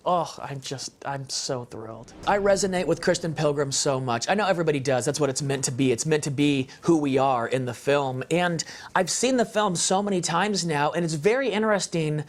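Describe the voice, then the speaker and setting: Speaking at a moderate pace with few pauses, a man whose voice sits on the high side shares an earnest, passionate testimony of faith. He is a guest speaker on a parenting show, and his conversational delivery includes fillers, restarts, and emphatic repetition.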